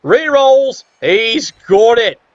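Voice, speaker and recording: A man with a fairly high voice commentates a game play by play, wry and quick to get excited. His tone is sarcastic and casual. The recording sounds dull and lo-fi. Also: no echo.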